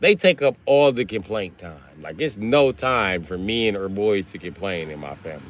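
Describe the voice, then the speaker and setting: Animated crude man telling stories. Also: on the low side, moderate pace, a little hiss or hum. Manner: animated, crude, swings from loud to muttering. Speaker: livestreamer. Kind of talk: rambling comedic storytelling.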